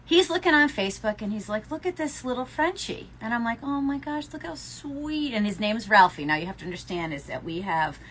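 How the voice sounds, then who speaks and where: A woman's voice: mid-range voice, lively intonation, brisk, hardly any pauses, fairly bright tone, slight background noise. A woman co-hosting a casual podcast chat in a yarn shop, telling stories and laughing often. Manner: chatty storyteller, laughs often. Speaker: podcast co-host.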